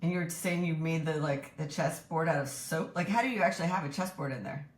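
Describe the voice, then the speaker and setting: A woman's voice: deep voice, a little fast. A woman interviewing a guest, with brief reactions and short questions. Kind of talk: casual interview. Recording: echoey room.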